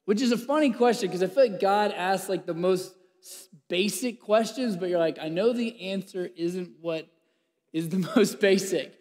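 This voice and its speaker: A man preaching a sermon. He acts out the scripture with laughs and drops into a hushed voice at times. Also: high voice, a little fast. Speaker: pastor. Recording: long hall reverb.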